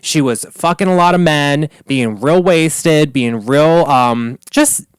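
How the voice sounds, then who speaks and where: A man with a slightly high, smooth voice hosting a solo comedy recap, animated and gossipy with plenty of swearing. The sound is close and dry. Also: slow, no room sound. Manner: animated, gossipy, profane, with frequent laughs. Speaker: podcast host.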